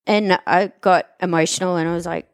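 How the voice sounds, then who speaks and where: A woman's voice: lowish voice, fairly even intonation, fairly quick, no room sound, clean studio sound. A woman in casual conversation, candidly and emotionally telling a personal story of recovery. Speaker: gym member telling her recovery story.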